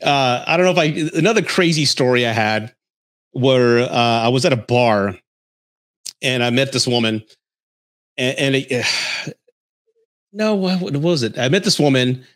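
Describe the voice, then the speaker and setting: A man hosting a podcast, telling a dating story in an animated, blunt way and swearing freely before giving advice. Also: medium pitch, a little slow, long pauses. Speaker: podcast host.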